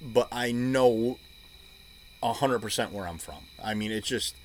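A man's voice: mid-range voice, a little slow, a little hiss or hum. A man in casual chat, blunt and joking, swearing now and then. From United States.

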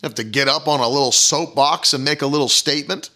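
A man's voice: on the high side, steady tone, fast talker, pushed and bright. A man preaching a fiery sermon, hammering the crowd with rhetorical questions.

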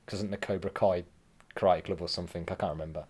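A man co-hosting a podcast, delivering dry, deadpan quips in casual chat. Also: sits low, fast talker, slightly rough. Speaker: podcast co-host.

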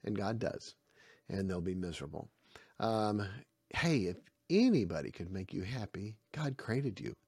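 A man teaching a Bible lesson for parents, with a gravelly voice that swings widely up and down as he acts out little scenes. The recording is dry and close. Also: lowish voice, unhurried, no echo. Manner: animated, acts out dialogue in his stories.

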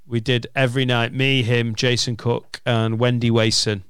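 A man's voice: medium pitch, little pitch movement, moderate pace, fairly bright tone, smooth, no echo, clean studio sound. A man with a Lancashire accent, a comedian chatting casually on a podcast, swearing and telling stories. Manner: sweary, joking, storytelling.

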